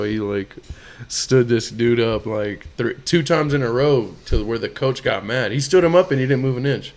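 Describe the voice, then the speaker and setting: A young man with a mid-range voice rambles through old football memories. His sentences often fade quietly as he restarts them. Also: medium pitch. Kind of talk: casual chat.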